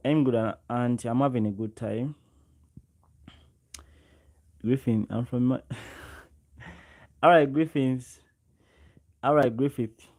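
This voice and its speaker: A man runs a relaxed livestream, speaking close to his microphone in a warm, mellow, middle-pitched voice. He chats loosely with his audience, calls out viewers by name and circles back over the same words. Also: slow pace, long pauses. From Uganda. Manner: chatty, greets viewers by name and repeats himself often. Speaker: livestream host. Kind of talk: casual live chat with viewers. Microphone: own microphone, close.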